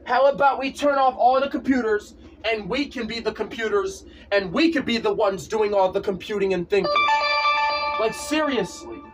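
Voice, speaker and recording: A man's voice: high-pitched, normal speed, distant mic, music in the background. A man in a casual vlog, ranting insistently and repeating himself over and over. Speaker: vlogger. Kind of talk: casual rant to camera.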